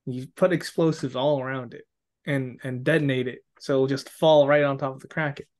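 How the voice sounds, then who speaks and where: A man's voice: medium pitch, fairly even intonation, fairly quick, darkish tone. A man playing a tabletop game, eager and joking, often laughing. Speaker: player.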